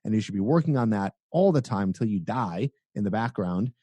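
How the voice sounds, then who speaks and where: A man's voice: a little fast, husky, no room sound. A young adult man on a podcast, a dating coach explaining his tips with energy and sometimes acting out examples. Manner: energetic, acts out examples in a high goofy voice.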